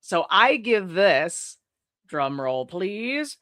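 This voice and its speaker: A young woman hosting a horror podcast, retelling a film plot in a profane, gossipy, casual way with quick asides. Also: mid-range voice, very animated, fairly bright tone, no echo, clean studio sound. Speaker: podcast host. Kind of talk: casual film review chat.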